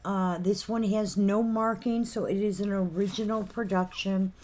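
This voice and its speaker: Woman, live-sale host, casual chatter, mid-pitched, faint background hiss. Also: steady tone, darkish tone. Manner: chatty, reads out item names and numbers slowly.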